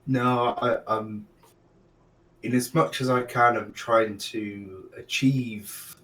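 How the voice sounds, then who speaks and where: A man's voice: medium pitch, steady tone, takes it slowly, a bit bright. Hesitant man far from the mic. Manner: hesitant, searching for words. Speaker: player. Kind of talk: casual tabletop play.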